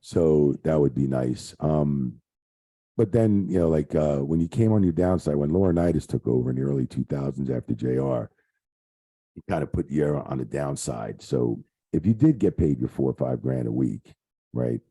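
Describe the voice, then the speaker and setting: A man's voice: extremely low pitch, lively intonation, moderate pace, dark tone, husky. A middle-aged man, a retired referee, telling rambling stories in a casual interview, full of fillers and swearing. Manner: rambling, profane, lots of fillers. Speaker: guest, retired wrestling referee.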